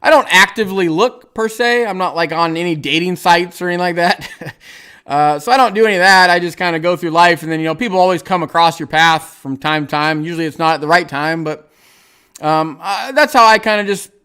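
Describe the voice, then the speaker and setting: A man chatting on a casual livestream, reading out viewer comments and rambling through his thoughts with plenty of ums, restarts and small chuckles. His voice sits high and sounds bright and crisp. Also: fairly quick. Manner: rambling, hesitant, many fillers and restarts; chuckles often while talking.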